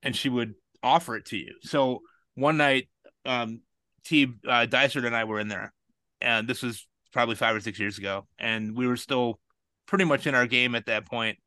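A man's voice: mid-range voice, moderate pace, bright, forceful tone, no room sound. A man in his forties telling a rambling anecdote in casual podcast chat. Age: 40s. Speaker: podcast storyteller.

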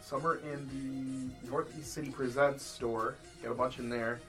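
A man hosting a casual podcast chat, swearing freely and laughing as he tells animated stories. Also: mid-range voice, a little slow, faint music behind. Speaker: podcast host.

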